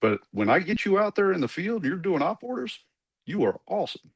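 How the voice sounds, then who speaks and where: A man imitating a blunt older Army colonel who talks in a gruff, teasing way. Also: high voice, sing-song, slow pace, no room sound, voice pushed up, heavily acted.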